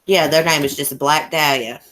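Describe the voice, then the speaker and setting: A woman with a deep, low voice and a thick Appalachian country accent, from a small mountain town in Southwest Virginia. She hosts a relaxed livestream, chatting folksily with her viewers and laughing easily. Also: normal speed. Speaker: YouTube livestream host. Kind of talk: casual livestream chat reading comments.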